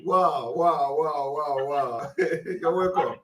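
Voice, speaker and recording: A man's voice: a little high, slow pace, a bit bright. A man hosting a live call-in broadcast, laughing often and repeating his thanks. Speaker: host. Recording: echoey room.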